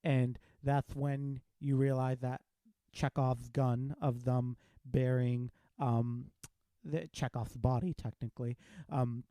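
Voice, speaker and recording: Man, podcast host, very dark mellow voice, dry close mic, animated casual film chat. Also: mid-range voice, takes it slowly, no echo. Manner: animated, retells scenes with quoted lines.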